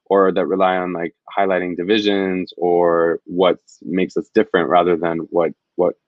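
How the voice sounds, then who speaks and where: A man's voice: low voice, little pitch movement, normal speed, dry recording, narrow, tinny audio. A man, a field reporter, telling stories in an interview in an earnest, reflective, rambling way. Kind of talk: conversational interview storytelling.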